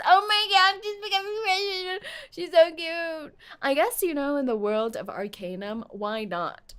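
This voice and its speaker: A woman streamer who gushes and giggles while reading a game story out loud and reacting to it. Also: extremely high pitch, measured pace, few pauses. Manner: gushing, giggly, exclaiming.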